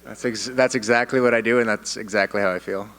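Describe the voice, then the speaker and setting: A man from Canada, a fighter at a media day, answering reporters' questions with confidence and animated storytelling, often restarting his sentences. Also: on the low side, quick pace, low-quality recording. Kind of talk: press interview answers. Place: media day press room.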